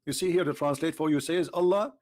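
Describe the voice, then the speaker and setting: A man argues with a caller on a live web show. He sits a bit high in pitch and mocks the caller, cutting him off again and again. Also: fast, darkish tone. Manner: mocking, talks over the caller, switches to a low aside voice. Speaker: host. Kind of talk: debate with a caller.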